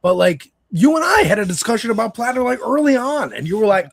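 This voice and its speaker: A man's voice: very high voice, very animated, fast talker, vocal fry, dry recording, studio quality. A man co-hosting a casual political chat, blunt and offhand. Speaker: co-host.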